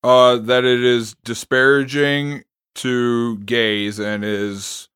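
A man's voice: mid-range voice, little pitch movement, takes it slowly, a bit bright, clear, resonant tone, no room sound, studio quality. A man co-hosting a casual podcast, blunt and crude, keeping the conversation on track. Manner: blunt, crude jokes, steers the segment. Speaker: podcast co-host. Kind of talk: casual chat.

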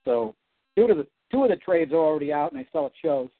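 A man, a comic book writer, talking as a guest in a casual interview, animated and rambling. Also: a little high, fast, creaky, no room sound. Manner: animated, rambling, self-correcting. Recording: dry, tinny phone-like sound.

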